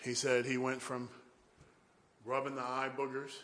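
A man's voice: mid-range voice, monotone, unhurried, a bit bright. A man preaching a sermon, telling a story animatedly and acting out the voices of the people in it, with sudden whoops. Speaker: guest preacher. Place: church. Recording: echoey church room.

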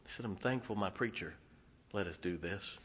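A male pastor preaching a sermon in a folksy way, dropping to hushed tones and then rising to loud exclamations. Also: deep voice, moderate pace, a little hiss or hum. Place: church sanctuary. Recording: long hall reverb.

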